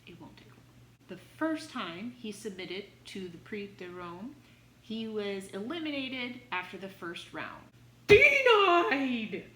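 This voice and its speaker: A woman music teacher tells a composer's story casually, with a playful, gossipy manner and sudden dramatic exclamations. Her voice sits at an ordinary middle pitch. The room is echoey, with a faint background ambience. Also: a little slow, a bit bright, slight background noise. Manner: chatty and playful, with dramatic exclaimed punchlines and frequent "like".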